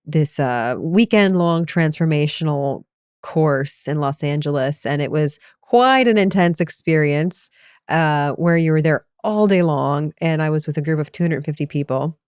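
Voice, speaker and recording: Low-voiced woman telling a personal story. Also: unhurried, a little mellow, clean tone, no room sound, studio quality. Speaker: podcast co-host and meditation coach. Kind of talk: casual podcast conversation.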